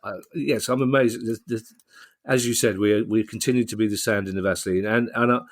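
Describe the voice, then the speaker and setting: A deep-voiced man co-hosting a casual football podcast. He talks in a jokey, self-deprecating manner and trips over his words. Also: steady tone, a little fast. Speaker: podcast co-host.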